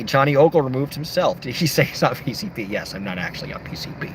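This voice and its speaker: Playful young man with lively pitch. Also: fast, slight background noise. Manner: joking, playful, reads comments aloud in shifting voices. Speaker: livestreamer reading chat comments. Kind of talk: casual late-night livestream chat.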